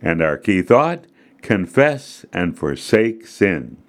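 A man's voice: low-pitched, big pitch swings, slow. A man narrating a children's devotional story, earnest and direct with his young listeners. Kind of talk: scripted narration.

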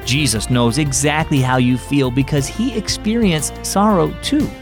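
A man's voice: on the high side, unhurried, music in the background. A man narrating a scripted children's devotional story and speaking directly to young listeners. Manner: warm teaching tone for children.

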